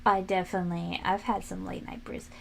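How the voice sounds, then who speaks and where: A woman's voice: medium pitch, little pitch movement, brisk, gravelly. A young woman streamer chatting casually and animatedly while she works, quoting people in raised voices. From family from New England, lives in Florida.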